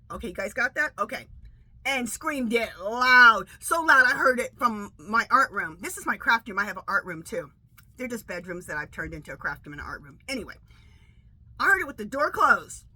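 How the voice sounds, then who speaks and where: A middle-aged woman reading tarot, chatting casually and telling stories with an animated, emphatic delivery that keeps checking in with "okay?". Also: on the high side, breathy edge, rough recording. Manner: animated storytelling, repeats "okay?". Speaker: tarot reader. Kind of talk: casual chat.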